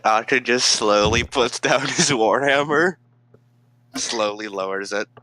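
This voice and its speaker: A man's voice: mid-range voice, unhurried, bright, forceful tone, no echo. A man playing a tabletop game who narrates his hero's actions and cracks jokes. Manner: playful, jokey in-character narration. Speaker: player. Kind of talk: casual tabletop play.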